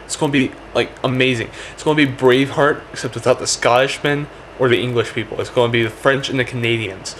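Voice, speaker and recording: A man's voice: medium pitch, fairly even intonation, a bit bright, a little hiss or hum. A man rambling through a comic monologue, packing his talk with "like" and "check this out". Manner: rapid, full of "like" and "check this out".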